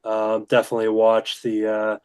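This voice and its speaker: A man's voice: lowish voice, completely flat delivery, moderate pace, darkish tone, clean tone. Rambling male guest on a call. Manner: rambling storytelling with many fillers and restarts. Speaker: guest comic creator. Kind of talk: casual chat.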